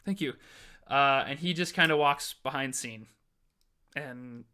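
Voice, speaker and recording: A man narrating a tabletop game as game master, animated and laughing often. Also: medium pitch, unhurried, clean tone.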